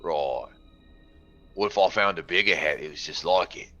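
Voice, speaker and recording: A man's voice: low voice, moderate pace, fairly bright tone, muffled recording, faint music behind. A man voicing a brash human gunman who swears and asks blunt, cheeky questions. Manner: crude slang and swearing, keeps asking blunt questions.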